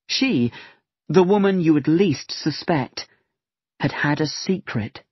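A man narrating a story in a careful, expressive audiobook reading. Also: fairly high pitch, slow pace, husky, dry recording. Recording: dry, dull-sounding voice recording.

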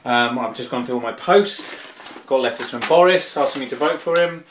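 A man's voice: medium pitch, normal speed, slight background noise. Casual man vlogging in an echoey room. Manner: relaxed, lots of ums and uhs. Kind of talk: casual vlog talk to camera.

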